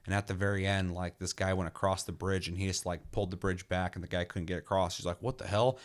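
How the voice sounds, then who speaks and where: A man's voice: low-pitched, completely flat delivery, fast. A man co-hosting a gaming podcast in casual chat, swearing freely and telling stories with energy. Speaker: podcast co-host reviewing games.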